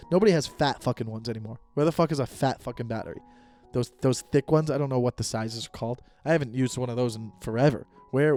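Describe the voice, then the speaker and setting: A man in his thirties hosting a solo comedy podcast, ranting in a rambling, profane way and acting out quoted conversations. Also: on the high side. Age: 30s. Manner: animated, profane, rambling rants with quoted dialogue. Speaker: podcast host.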